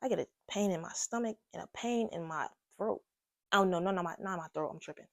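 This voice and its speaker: A young woman telling a casual storytime to her viewers, animated and slangy, talking straight to the camera. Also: on the low side, fairly quick, creaky, dry recording, clean studio sound. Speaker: vlogger. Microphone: own microphone.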